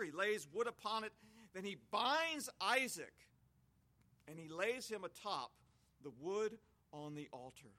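Bright-toned man preaching a sermon. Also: high-pitched. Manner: expository, reads scripture aloud, explains with homely images.

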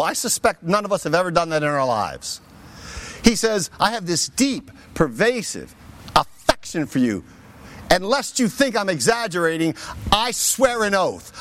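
A man preaching a sermon with a fairly high voice that rises and falls widely. He talks to the congregation in a conversational way, stressing key points and adding lively asides. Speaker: pastor.

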